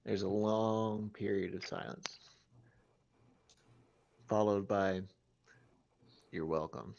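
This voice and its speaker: A man running a tabletop game as game master, talking slowly and deliberately. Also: lowish voice, level tone, a little mellow, dull audio, slight background noise. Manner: slow, deliberate, gravelly.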